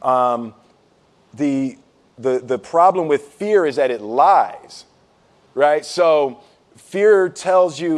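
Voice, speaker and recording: A man with a high voice tells a story in a chatty way. He acts out what people say, laughs often and repeats himself as he goes. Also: lively intonation, very slow, pauses often, darkish tone. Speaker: speaker giving life advice. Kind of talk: animated storytelling with acted-out quotes.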